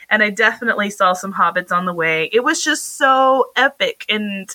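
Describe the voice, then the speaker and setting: A woman in her thirties co-hosting a podcast, telling a travel story with lively, laughing enthusiasm. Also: normal speed, few pauses, no room sound, low-quality recording. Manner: animated, laughing storyteller with lively jumps in pitch. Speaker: podcast co-host. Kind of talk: casual chat.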